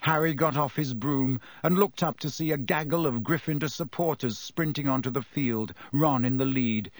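A man giving lively, dramatic audiobook narration. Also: mid-range voice, normal speed, no room sound.

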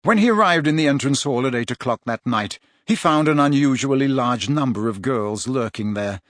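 A man reading a novel aloud as narrator, in measured, expressive storytelling. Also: medium pitch, no echo, studio quality. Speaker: audiobook narrator. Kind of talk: scripted narration.

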